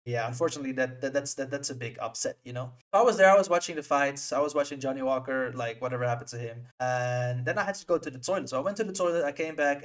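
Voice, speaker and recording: Brash young man telling a story. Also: fairly high pitch. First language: Dutch. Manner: brash, boastful, lively storytelling with swearing. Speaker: vlogger. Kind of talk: storytime vlog narration.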